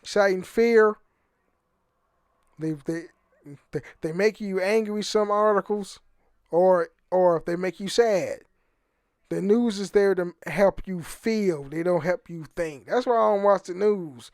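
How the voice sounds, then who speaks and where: A man's voice: high-pitched, takes it slowly, darkish tone, clean tone, dry recording, clean studio sound. A young man hosting his own podcast, talking in a rambling, profane way and often stammering and repeating words. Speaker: podcast host. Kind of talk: rambling casual monologue.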